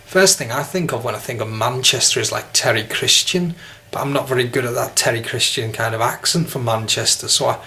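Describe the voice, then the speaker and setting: A man's voice: mid-range voice, brisk, bright, forceful tone, a little hiss or hum. A man with an English Midlands accent, an English teacher talking casually to camera in a rambling, self-deprecating way.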